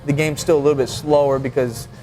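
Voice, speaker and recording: A man's voice: a little high, fairly even intonation, fast talker, mellow, faint music behind. A man who is a mixed martial arts fighter, talking as a podcast guest in a laid-back, rambling way. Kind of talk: casual podcast chat.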